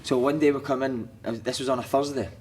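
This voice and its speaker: A Scottish former footballer, a guest on a podcast, tells stories in casual chat from a studio couch, swearing freely, laughing through them and acting out other people's lines. He talks fast in a steady, medium-pitched, darkish voice over slight background noise.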